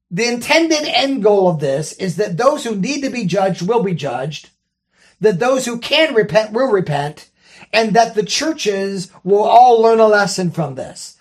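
A Bible study teacher reading scripture and carefully walking through its grammar, often checking in with the listeners. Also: mid-range voice. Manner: careful, explains grammar step by step.

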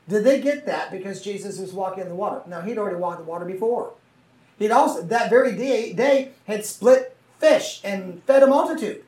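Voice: medium pitch, animated, a little fast, a little mellow. A Bible teacher reading scripture aloud and explaining it in a conversational way, often checking in with listeners through tag questions. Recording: roomy, mic far from the speaker.

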